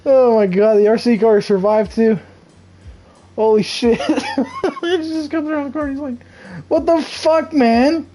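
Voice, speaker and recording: A young man streaming games, telling a profane story in a casual, animated way and laughing often. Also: extremely high pitch, normal speed, pauses often, faint music behind, poor audio. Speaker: game streamer.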